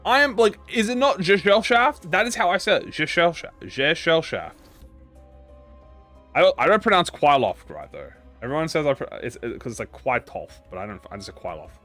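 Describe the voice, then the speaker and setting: A man's voice: high-pitched, big pitch swings, fast, hardly any pauses, a bit bright, faint music behind. A man casually talking to his chat while playing a game, rambling, self-mocking and swearing freely. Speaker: streamer. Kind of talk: casual live-stream game commentary to chat.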